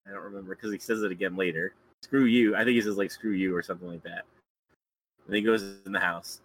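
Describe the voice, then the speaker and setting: A man's voice: sits low, steady tone, fast, a bit bright, slight background noise, poor audio. A man guest on a casual podcast, retelling a film plot and chuckling often as he goes. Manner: chuckles often while recounting scenes.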